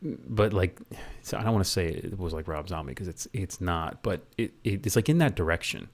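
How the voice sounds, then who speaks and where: A man's voice: low voice, animated, brisk. A man reviewing a movie in a casual rant, rambling and often stumbling over and repeating his words.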